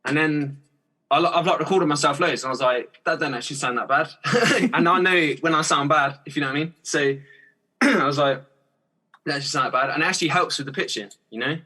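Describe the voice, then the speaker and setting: Chatty young man, bright husky voice. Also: fairly high pitch, brisk. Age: young adult. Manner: chatty, rambling, laughs often, many restarts and fillers. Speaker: guest singer-songwriter. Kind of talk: casual podcast chat.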